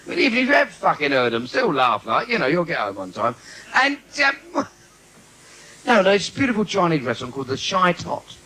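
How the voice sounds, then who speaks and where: A London-accented man performs live bawdy stand-up in a noisy theatre, firing brash, cheeky patter and teasing asides at the crowd. His voice is a little high, bright, and forceful, moving briskly through huge pitch swings.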